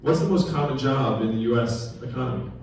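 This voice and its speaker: A man's voice: mid-range voice, a little fast, a little mellow, recorded from a distance, a little hiss or hum. A man giving a campaign speech at a town hall gathering, talking conversationally and quizzing the audience with questions. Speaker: political candidate. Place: large echoey room at a political gathering. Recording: very echoey room recorded from afar.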